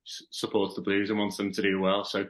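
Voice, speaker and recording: A man in his thirties with a Liverpool accent talks as a podcast guest. His voice sits low, and he speaks in an easygoing way, circling back and restarting sentences as his thoughts unfold. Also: completely flat delivery, brisk. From Liverpool, England. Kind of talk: casual chat.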